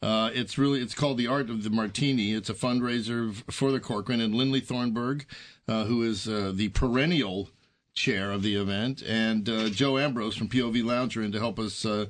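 A man's voice: on the low side, fairly even intonation, fairly quick. A man co-hosting a radio food show, joking and teasing his co-host as he talks. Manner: wisecracking, teasing.

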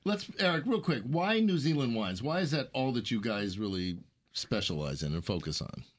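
A man's voice: medium pitch, sing-song, moderate pace. A man from the DC area co-hosting a radio show, joking and playful. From Washington DC area. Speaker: radio co-host. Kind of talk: casual radio chat.

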